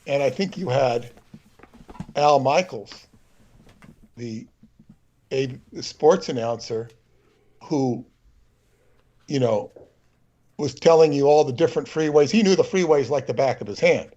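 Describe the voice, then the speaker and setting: A man's voice: mid-range voice, lively intonation, unhurried, pauses often, dark tone, lo-fi sound. A man co-hosting a livestream, telling a digressive, opinionated anecdote in loose, rambling chat. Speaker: livestream co-host.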